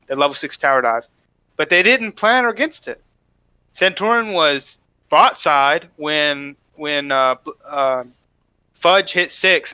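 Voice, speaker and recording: A man with a slightly high, very bright voice gives opinionated esports analysis on a podcast. He talks emphatically and says his points more than once. The recording is close and dry. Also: clean tone, dry recording. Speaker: podcast co-host. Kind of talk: casual esports analysis chat.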